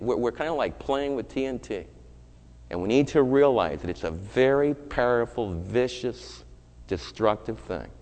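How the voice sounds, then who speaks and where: A male pastor preaches a sermon, shifting from loud, urgent declarations to quiet, low storytelling. The sound carries the echo of a big room.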